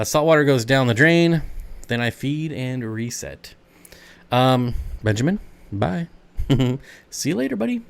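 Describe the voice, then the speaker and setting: Smooth-voiced chatty male stream host. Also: fairly high pitch. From United States. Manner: chatty, rambling, reads and answers chat comments. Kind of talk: casual live stream Q&A.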